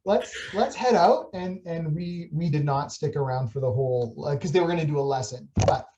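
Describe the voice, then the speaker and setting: A young adult woman telling a funny story in a casual church chat, animated and laughing, with many restarts. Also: low voice, a little fast, muffled recording. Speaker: church staff member on a video chat.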